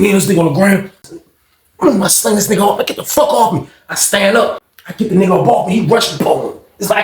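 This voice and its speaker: A man telling a story in casual speech, animated, acting out quotes in a raised voice. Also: sits high, gravelly. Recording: echoey room.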